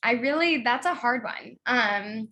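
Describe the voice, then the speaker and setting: A woman's voice: fairly high pitch, animated, measured pace, bright, forceful tone. A young woman talking as an interview guest in a chatty way, filling her speech with "like". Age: young adult. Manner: chatty, lots of "like". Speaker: guest, author's daughter. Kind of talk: casual interview.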